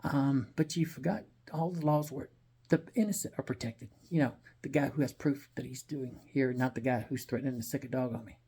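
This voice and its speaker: A man rattles through a personal story at a quick clip, blunt and salty, with plenty of rambling asides. His voice is husky and dark-toned. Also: medium pitch. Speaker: vlogger telling a personal story. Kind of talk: casual storytelling monologue.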